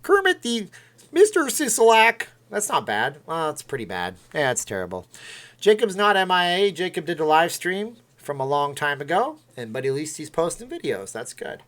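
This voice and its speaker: A man's voice: a little high, sing-song, moderate pace, fairly bright tone. A man hosting a casual livestream, rambling and chatting as he reacts to viewer comments. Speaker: livestream host.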